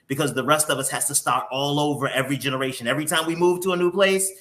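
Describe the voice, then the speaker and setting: Bright-voiced man hosting, candid and emotional. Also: on the high side, fairly even intonation, fast. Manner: candid and openly emotional, with mild profanity. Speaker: morning show host. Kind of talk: casual interview conversation.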